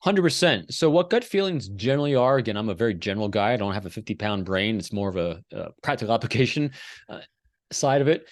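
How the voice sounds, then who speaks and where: A man's voice: on the low side, quick pace, no echo. A middle-aged man telling stories as a podcast guest from his home office, acting out quotes as he explains. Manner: animated storyteller, acts out quotes. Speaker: podcast guest, behavior expert. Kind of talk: conversational storytelling interview.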